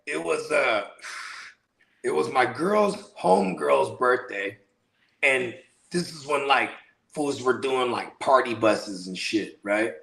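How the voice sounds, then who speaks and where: A man telling stories in a casual podcast chat, animated and slangy, sometimes breaking into loud shouts. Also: medium pitch, takes it slowly, creaky. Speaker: podcast co-host.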